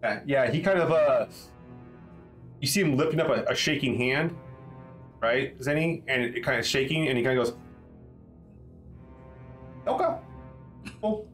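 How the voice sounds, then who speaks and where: A man's voice: medium pitch, normal speed, long pauses, a bit bright, faint music behind. A man narrating as game master in a rambling way, with lots of restarts. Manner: rambling, many fillers and restarts.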